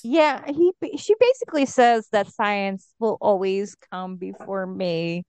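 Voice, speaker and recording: A woman's voice: mid-range voice, measured pace, darkish tone, smooth, no echo. A woman co-hosting a podcast in casual chat, teasing and nostalgic. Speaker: podcast co-host.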